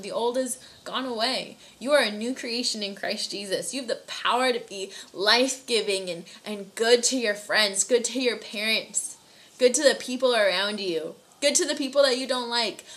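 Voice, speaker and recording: A young woman giving an earnest, encouraging devotional talk, casual and warm in manner with frequent fillers like "like". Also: medium pitch, a little hiss or hum. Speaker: youth devotional speaker.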